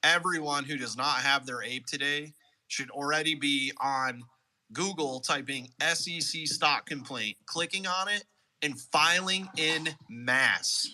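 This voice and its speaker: A man's voice: on the high side, a little slow, sharp tone, low-quality recording. A male moderator in a live audio room, speaking firmly and urging listeners to act. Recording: faint background noise.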